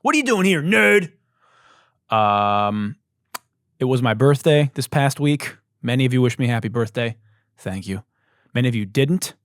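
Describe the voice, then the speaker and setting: Man, podcast host, casual comedic monologue, swears freely, dry close sound, mid-pitched voice. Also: no echo. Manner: loose, profane, joking storytelling.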